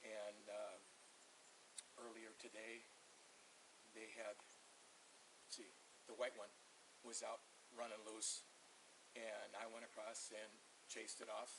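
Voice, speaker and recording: An older man with a rough, gravelly voice talks his way through a long, winding account, cursing casually and circling back on his own details. He is recorded outdoors on an officer's body camera. A steady hiss runs under his voice. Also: fairly low pitch, slow, long pauses. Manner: meandering, profane storytelling. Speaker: resident being questioned. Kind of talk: rambling account to a deputy. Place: outdoors in a yard. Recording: hissy body camera audio.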